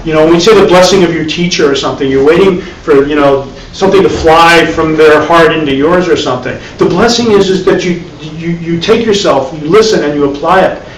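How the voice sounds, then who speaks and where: A meditation teacher runs a live dharma class, his fairly high voice moving fairly quickly with hardly any pauses. He speaks conversationally, with repeated words and wry asides. The room echoes, the mic is distant, and faint hiss lingers underneath.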